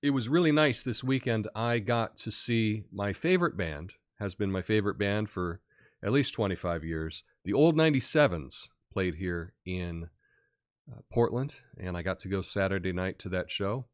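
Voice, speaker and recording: A middle-aged American man talks casually on his live stream, reading out comments between easy laughs and filler words. His voice sits a little low. The sound is dry and close, with no room echo. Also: moderate pace, clear, resonant tone. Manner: relaxed, chatty, laughs often, many fillers. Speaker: live show host.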